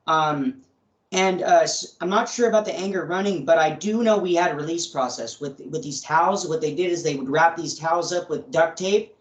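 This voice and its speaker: Man, podcast guest, high voice, keeps checking in with the listener, echoey room. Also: moderate pace. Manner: casual, repeats "you know what I mean". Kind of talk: casual interview. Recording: roomy echo.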